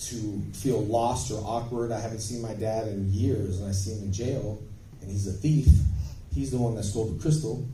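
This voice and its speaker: A man telling stories as a guest on a convention panel, in an animated, emphatic way with bursts of volume, recorded on a phone from the audience. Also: fairly low pitch, slight background noise. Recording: echoey hall, phone from far off.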